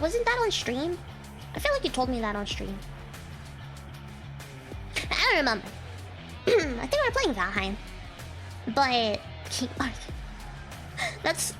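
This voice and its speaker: A young woman VTuber streamer chatting casually with her audience, telling stories with frequent giggles. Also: high-pitched.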